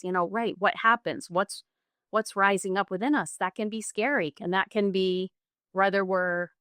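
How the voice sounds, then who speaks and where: Animated middle-aged woman yoga teacher. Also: medium pitch, dry recording, studio quality. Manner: animated storytelling, acts out quoted clients. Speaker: yoga teacher and bodyworker guest. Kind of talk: casual conversational interview.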